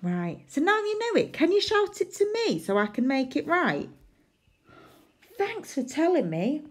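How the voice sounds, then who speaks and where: A woman teaching a phonics lesson to small children, her pitch bouncing high and low as she sounds out each letter. She speaks slowly and deliberately and pretends to make mistakes so the children can correct her. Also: sing-song. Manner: sounds out letters, makes playful mistakes on purpose. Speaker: primary school teacher.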